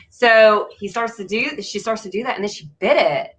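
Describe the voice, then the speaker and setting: Female podcast co-host, bright tone, animated anecdote teller who does quick voices. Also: medium pitch. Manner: animated storyteller who acts out voices, laughing often. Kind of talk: casual chat.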